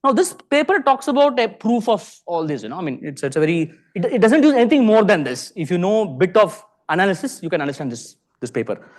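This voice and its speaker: A man's voice: sits high, fast. A man with an Indian English accent giving a lecture to a live audience in a lecture hall. He keeps asking the room questions. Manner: animated, peppers sentences with rhetorical questions.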